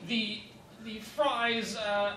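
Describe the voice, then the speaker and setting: Man playing a pompous fancy fry cook. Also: high-pitched, little pitch movement, drawn-out words, sharp tone, a little hiss or hum, heavily acted. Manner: grandiose, overly formal. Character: pompous male fast-food cook Charles, absurdly refined. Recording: distant echoey stage with audience.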